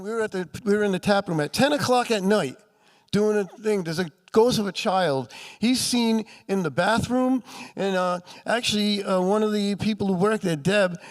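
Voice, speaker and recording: A man telling ghost stories to a live audience, chatty and acting out quoted voices. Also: high-pitched. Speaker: paranormal author and speaker. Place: festival room with audience.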